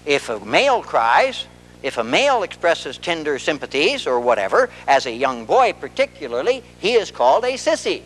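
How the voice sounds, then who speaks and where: Animated man lecturing in a reverberant hall. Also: a little high, normal speed. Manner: animated storyteller who acts out dialogue. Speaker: marriage and family therapist giving a talk. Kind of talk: public lecture.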